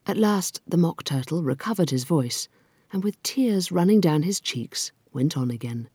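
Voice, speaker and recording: Low husky woman reading a storybook. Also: expressive, normal speed, mellow, no echo. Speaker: narrator.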